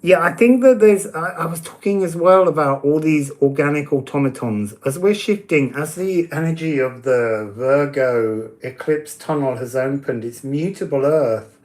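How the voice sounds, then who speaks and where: A man's voice: fairly high pitch, moderate pace, few pauses, darkish tone. A man giving oracle card readings in a casual live-stream chat, talking easily, answering viewers' comments and laughing often.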